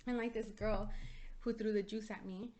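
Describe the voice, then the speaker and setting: A woman's voice: medium pitch, fairly even intonation, moderate pace, mellow. A young adult woman co-hosting a podcast, chatting casually and telling stories with lots of "like" and the odd swear word. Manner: chatty storytelling, heavy use of "like", swearing. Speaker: podcast co-host. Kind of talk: casual chat.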